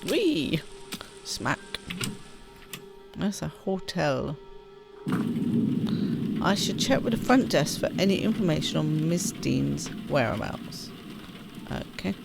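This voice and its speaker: Low-pitched and animated, a gaming streamer talks at a measured pace with long pauses, casually commenting as she plays. Her let's-play commentary is chatty and self-deprecating, and she reads the on-screen text aloud over clear game music.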